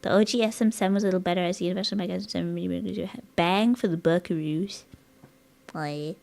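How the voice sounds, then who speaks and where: A woman's voice: lowish voice, fairly even intonation, fast, vocal fry, a little mellow. A woman streaming live, rambling in casual chat with her viewers and giggling often, her voice a bit strained. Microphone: dynamic studio mic.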